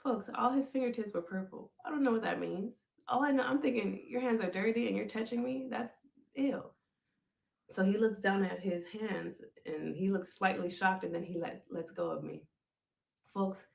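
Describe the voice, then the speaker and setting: Animated woman telling her story, gravelly edge. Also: mid-range voice, normal speed. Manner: animated, addresses listeners as folks, acts out quoted lines. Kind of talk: emotional personal storytelling. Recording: roomy echo.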